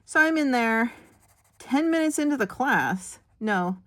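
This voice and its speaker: A woman hosting a coloring video, telling a long, animated story full of fillers and acted-out quotes. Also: a little high, measured pace. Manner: drops to a whisper for asides while working. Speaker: coloring channel host. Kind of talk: chatty storytelling while coloring.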